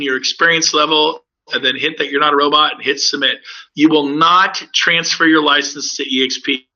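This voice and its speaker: Pitchy salesman type, gravelly edge, piercing bright tone, upbeat and persuasive, dull lo-fi webinar audio. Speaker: real estate broker presenting to recruits.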